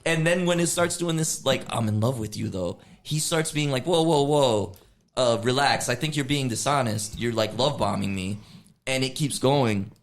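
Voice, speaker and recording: A man's voice: mid-range voice, moderate pace. A man co-hosting a casual podcast, retelling a news story with lots of "like" and acting out the quotes. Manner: animated storytelling, acts out quoted chatbot lines. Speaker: podcast co-host. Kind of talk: casual chat.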